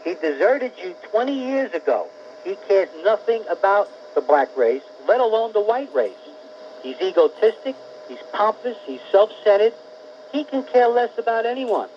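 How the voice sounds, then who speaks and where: A man's voice: high voice, a little hiss or hum. A man calling in to talk radio, ranting heatedly and listing complaints. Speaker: caller. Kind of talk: call-in rant. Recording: dull lo-fi radio call.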